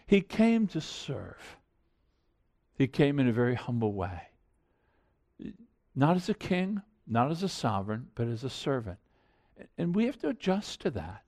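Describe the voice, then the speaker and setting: A man's voice: fairly high pitch, sing-song, moderate pace, pauses often, a little mellow. A middle-aged man preaching a sermon in an earnest, conversational way, building to emphatic points. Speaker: pastor.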